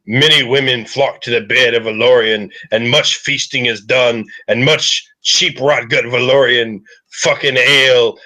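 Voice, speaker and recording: A man narrating a tabletop game as loud, swearing wrestling play-by-play, as game master. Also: medium pitch, fairly even intonation, unhurried, rough recording.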